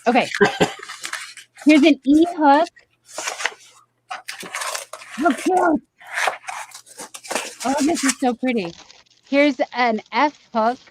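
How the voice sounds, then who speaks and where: A woman hosting a casual livestream, gushing and gasping with excitement as she unboxes gifts. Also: high-pitched, takes it slowly, pauses often, background noise. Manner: gushing, excitable, many gasps and exclamations. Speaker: livestream host. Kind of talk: casual live chat while unboxing gifts. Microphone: webcam or desk mic on a video stream. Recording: dull dry stream audio.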